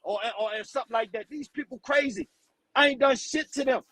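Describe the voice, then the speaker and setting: A man's voice: extremely high pitch, fairly quick, a bit bright, no echo, poor audio. A man hosting a live stream, delivering a blunt, profane rant and stumbling over repeated words when riled. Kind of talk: heated livestream rant.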